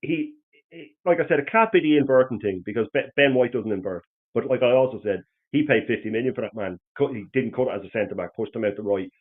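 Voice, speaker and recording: A man with an Irish accent hosting a casual football chat, rambling and animated, with lots of restarts. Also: medium pitch, fast. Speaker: host. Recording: tinny phone-like line.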